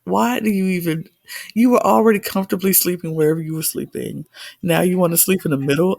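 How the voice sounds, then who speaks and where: A woman's voice: fairly low pitch, quick pace, gravelly, a little mellow, no room sound. A woman co-hosting a podcast, recapping a reality show in casual chat with an emphatic, heated manner. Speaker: podcast co-host.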